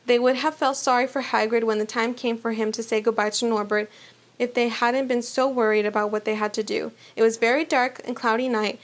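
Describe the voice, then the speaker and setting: A woman reading a children's novel aloud for a youth book club, with small slips and restarts, then asking trivia questions. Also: fairly high pitch.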